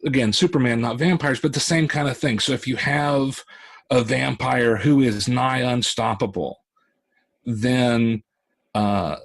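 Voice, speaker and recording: A man talks through his ideas on an online panel, circling and restarting with lots of fillers as he thinks aloud. His voice sits at a middle pitch, and the sound is a plain video-call recording. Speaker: author on a panel. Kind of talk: casual panel discussion.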